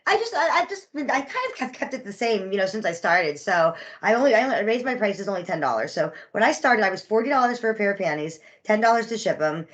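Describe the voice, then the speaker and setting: Woman podcast guest, talks fast, kinda muffled lo-fi sound. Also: mid-range voice, very animated. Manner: fast, rambling storyteller. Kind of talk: casual chat. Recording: dull lo-fi audio.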